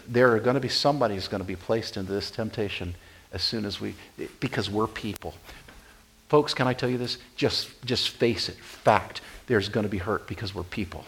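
A male pastor preaching a sermon, repeating key phrases and swinging from loud emphatic lines to quiet, conversational asides. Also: fairly low pitch, a little fast, poor audio.

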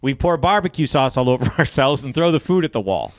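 A man's voice: medium pitch, very animated, fast talker, no room sound, studio quality. A man co-hosting a casual podcast, reflecting on how things work and laughing often. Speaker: podcast co-host. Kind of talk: casual chat.

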